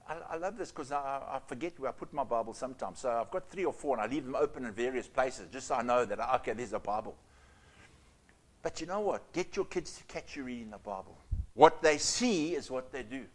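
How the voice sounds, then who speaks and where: A man preaches in a somewhat high voice. He presses points with loud, emphatic lines and then drops to hushed, near-whispered asides. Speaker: pastor. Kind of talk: sermon.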